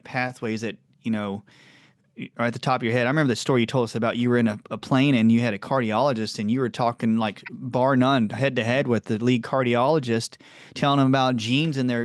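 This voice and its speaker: A man from the American South hosting a podcast, chatting in a rambling, animated way and laughing often. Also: no room sound, clean studio sound. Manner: animated, rambling, laughs often, jumps up in pitch when telling stories. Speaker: podcast host. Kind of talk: casual chat.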